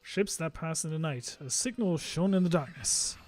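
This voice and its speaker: A pompous gentleman detective from a game proclaims everything grandly, in a theatrical, declaiming voice, as a man puts him on. Every line is a flourish. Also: a little high, lively intonation, normal speed, soft background music. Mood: grandiose.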